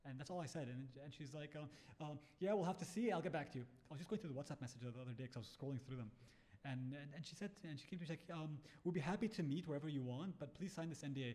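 A man's voice: on the high side, very fast, darkish tone. A man, a startup founder, telling a story in casual chat, acting out quotes and swearing freely. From Bahrain.

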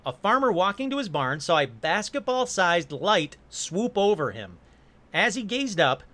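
A man hosting a casual storytelling monologue, animated and joking, with quick asides and apologies. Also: sits high. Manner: animated, jokey asides, puts on silly voices briefly. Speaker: host.

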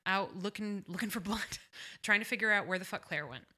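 A woman's voice: medium pitch, a little fast, pushed and bright. A woman co-hosting a podcast, chatting casually about a TV episode, swearing freely and laughing often. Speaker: podcast co-host. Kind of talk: casual chat recap.

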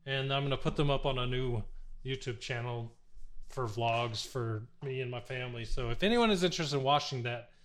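A man's voice: medium pitch, a little fast, a bit bright, slight background noise. A man chatting casually and enthusiastically as a podcast co-host. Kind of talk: casual chat.

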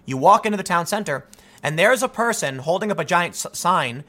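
A man delivers an opinionated commentary monologue in a bright, slightly high voice. He talks in an animated, argumentative way and keeps restarting his sentences. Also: fairly quick. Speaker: political commentator.

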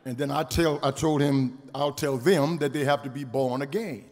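A man, a pastor, preaching a sermon that moves between quiet storytelling and shouted, rhythmic declarations with repeated phrases. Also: mid-range voice, normal speed, noisy background. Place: church sanctuary. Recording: long church reverb.

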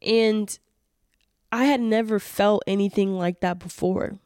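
A woman's voice: medium pitch, fairly even intonation, a little slow, a little mellow, clear, resonant tone, dry recording, studio quality. A woman, hosting a solo podcast and speaking earnestly and emotionally, with lots of fillers and restarts. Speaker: podcast host.

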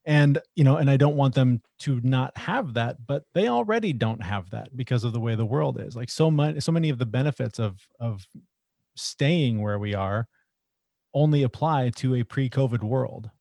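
A middle-aged man co-hosting a podcast, talking in an earnest, reflective way as he thinks out loud in casual conversation. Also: medium pitch, expressive, normal speed, gravelly, no room sound. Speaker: podcast co-host.

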